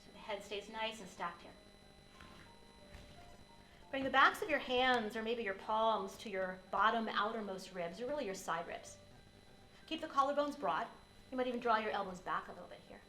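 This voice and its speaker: A woman teaching a yoga class, giving gentle, unhurried cues for breath and posture. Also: a little high, roomy sound, soft background music, poor audio. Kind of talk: guided yoga class instruction.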